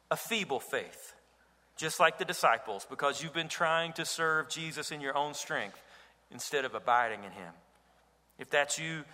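A man's voice: fairly high pitch, pushed and bright. A man preaching a sermon as pastor, earnest and rising to emphatic cries. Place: church sanctuary. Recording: reverberant hall.

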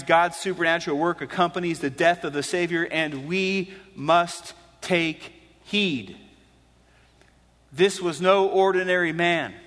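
A man preaching a sermon earnestly, dropping to hushed low phrases and rising to emphatic declarations. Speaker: pastor. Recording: long hall reverb.

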